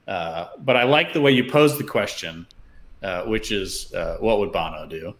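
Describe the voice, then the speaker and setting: A man with a somewhat low voice talks as a guest in a relaxed interview. He muses his way through anecdotes and ideas, pausing often with filler sounds as he gathers his thoughts. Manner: thoughtful, storytelling, many "uh" fillers. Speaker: podcast guest, fund founder. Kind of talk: casual interview chat.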